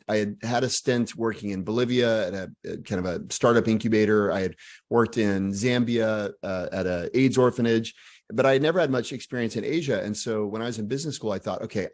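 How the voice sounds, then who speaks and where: A man in his forties from Texas with a Texan accent, an author answering interview questions in animated, self-deprecating stories. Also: lowish voice. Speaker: author guest.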